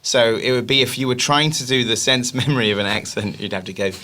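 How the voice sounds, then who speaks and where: A man with a British accent chatting as a guest on a comedy podcast, telling animated, jokey stories. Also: mid-range voice, quick pace, a little hiss or hum. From England. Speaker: guest filmmaker. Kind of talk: casual comedy chat.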